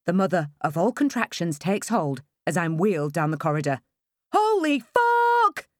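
Woman, audiobook narration, wry and expressive, lowish voice, dry studio sound. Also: a little fast, no echo. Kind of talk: first-person audiobook narration.

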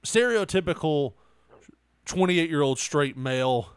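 A man's voice: fairly high pitch, expressive, measured pace, clear, resonant tone, no echo. Laughing man telling a story. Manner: laughing often, acting out quotes animatedly. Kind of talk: casual chat, storytelling.

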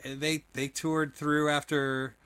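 Bright-voiced enthusiastic man. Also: a little high, flat delivery, clean tone, no room sound. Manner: enthusiastic, quick to laugh, lots of yeahs. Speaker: record label owner. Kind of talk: casual conversation.

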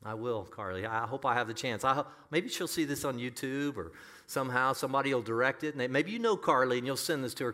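A man's voice: medium pitch, fast, sharp tone. A male pastor preaching a sermon in an earnest, emphatic way, often pressing a point home by repeating it.

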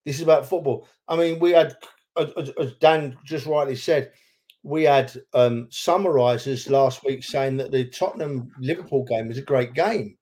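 A man's voice: mid-range voice, normal speed, a little mellow. A man co-hosting a football podcast, talking with feeling and repeating himself for emphasis. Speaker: podcast co-host, football fan. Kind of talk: casual chat.

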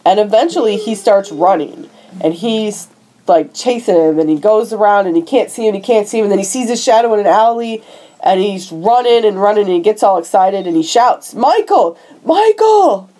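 A woman's voice: medium pitch, fairly quick, poor audio. A woman hosting a podcast, retelling a film plot in casual chat and acting out the characters' lines. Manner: animated storytelling, acting out dialogue. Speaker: podcast host recapping a film.

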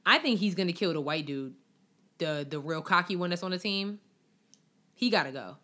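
A woman's voice: lowish voice, lively intonation, normal speed, bright, forceful tone. A woman co-hosting a casual podcast, chatting animatedly and sharing lots of fan theories about a TV show. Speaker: podcast co-host. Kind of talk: casual chat. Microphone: studio mic.

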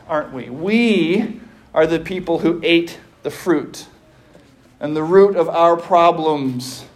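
Slow-speaking high-voiced male pastor. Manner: measured preaching, rising into pleading cries to God. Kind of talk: sermon.

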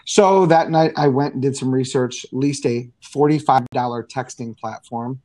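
Middle-aged guy, energetic storyteller, lots of uhs and restarts, dry close sound. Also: medium pitch, normal speed, no room sound. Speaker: guest, business owner. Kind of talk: casual interview talk.

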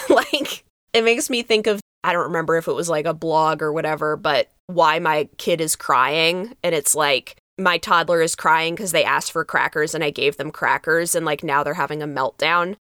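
A woman pastor co-hosting a podcast, chatting in an animated way, laughing easily and acting out quotes. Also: sits low, moderate pace, clean tone, dry recording, studio quality. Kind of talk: casual chat.

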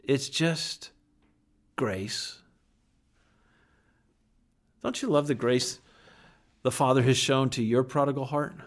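A man preaching a sermon in an earnest, emphatic way, with dramatic pauses and some words dropped almost to a whisper. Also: mid-range voice. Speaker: pastor.

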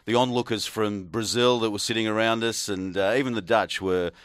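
A man's voice: fairly low pitch, fairly even intonation, a little fast, fairly bright tone, clean tone, no echo, studio quality. An Australian man hosting a sports radio show in casual, jokey banter, calling the breaks and taking callers. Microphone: studio microphone.

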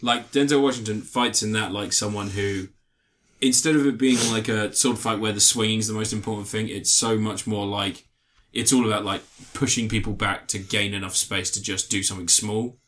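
A man's voice: lowish voice, normal speed. A man in casual film chat with a friend, jokey and swearing freely. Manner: animated, jokey, swears freely, breaks into laughter.

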